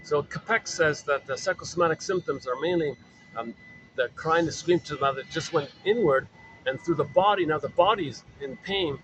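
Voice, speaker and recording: A man's voice: a little high, moderate pace, a bit bright, slight background noise, poor audio. A man giving an informal spoken lecture, explaining in a repetitive way with many fillers. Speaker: lecturer on psychoanalysis.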